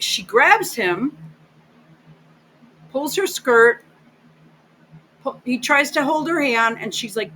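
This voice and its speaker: A woman's voice: medium pitch, unhurried, pushed and bright, slight background noise, poor audio. A woman giving blunt, sarcastic, profane reaction commentary over video clips as host of her channel.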